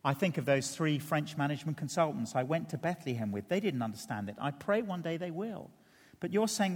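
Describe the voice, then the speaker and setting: A middle-aged man preaching a sermon, earnest and building to emphatic peaks before dropping quiet. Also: on the high side, expressive, a little fast, long reverb tail. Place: large church hall.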